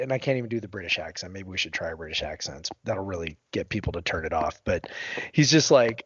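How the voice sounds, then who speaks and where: Man, mid pitch, joking podcast co-host, dry close sound, a bit muffled. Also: a little fast, husky, no echo. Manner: joking, chuckling banter. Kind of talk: casual chat.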